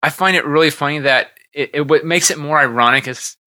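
A man co-hosts a casual movie chat with a very bright, forward tone. He rambles, restarts his sentences and swears freely. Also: on the high side, brisk. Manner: loose, profane, rambling with restarts. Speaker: podcast co-host.

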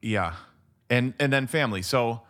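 A man co-hosting a casual film chat, easygoing and agreeable, often chiming in with quick replies. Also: mid-range voice, fairly bright tone. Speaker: podcast co-host.

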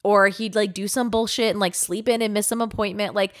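A woman's voice: medium pitch, steady tone, fairly quick. Chatty young woman telling a rambling story. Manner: rambling storytelling with frequent "like" and swearing. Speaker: podcast co-host. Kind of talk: casual chat.

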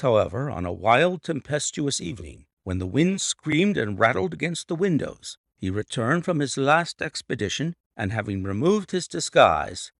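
A middle-aged man narrating a classic story in the first person, unhurried and expressive. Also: mid-range voice, vocal fry, no echo, clean studio sound. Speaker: audiobook narrator.

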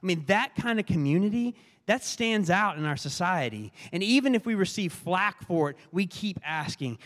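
A man preaching from the pulpit, his fairly high voice carrying a long reverb as it rings through a large hall. He speaks earnestly, in short repeated phrases. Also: expressive, normal speed, few pauses, a bit bright. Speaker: pastor. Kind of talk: sermon.

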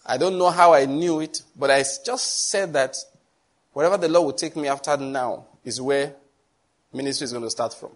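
A man's voice: fairly high pitch, normal speed. A middle-aged man, a pastor giving an earnest sermon-style testimony with chuckles and repeated phrases. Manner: storytelling, earnest, with chuckles and repetitions. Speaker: pastor teaching on prayer.

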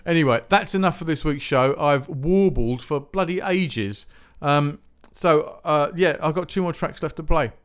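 A man's voice: on the high side, unhurried, hardly any pauses, clean tone. A man hosting a music podcast, talking in a rambling, chatty, self-mocking way with lots of restarts. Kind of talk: casual solo podcast chat.

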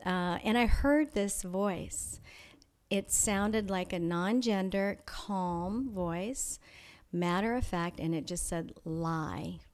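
An interview guest tells a personal story in a reflective, conversational way, thoughtful and measured with frequent pauses and restarts. Her mid-range voice is a little mellow.

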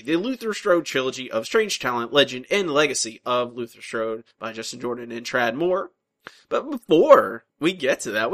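A man with a bright, forward voice hosts a casual comics podcast. He talks in a chatty, teasing way and often trails off and restarts his sentences. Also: a little high. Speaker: podcast host.

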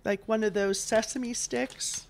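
A woman's voice: a little high, fairly even intonation, a little slow, gravelly, a little hiss or hum. A woman hosting a casual chat while taste-testing snacks, enthusiastic and reading product labels aloud. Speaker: host.

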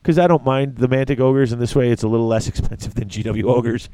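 A man's voice: medium pitch, fairly even intonation, fast talker, warm tone, no echo. A man hosting a casual hobby podcast, rambling and chatty, with frequent restarts. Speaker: podcast host.

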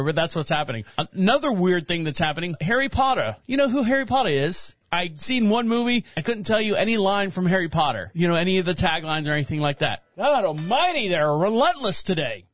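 A man's voice: high voice, fairly bright tone, no room sound. A man hosting a show, reading news headlines and rambling jokingly about them in casual commentary. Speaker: show host.

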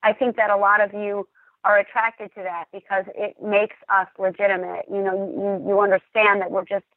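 A woman's voice: mid-range voice, little pitch movement, moderate pace, no room sound. Woman host chatting off the cuff, sounds like a phone line, dry. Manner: off-the-cuff, chatty, laughs easily. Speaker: podcast host. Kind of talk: casual podcast talk.

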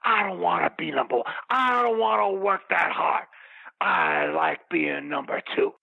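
Man putting on a raspy wrestler persona, high-pitched, gravelly, boastful promo rant. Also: measured pace, narrow, tinny audio, heavily acted. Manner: bellowing promo-style rant, threatening and grandiose. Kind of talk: comedic wrestling promo parody.

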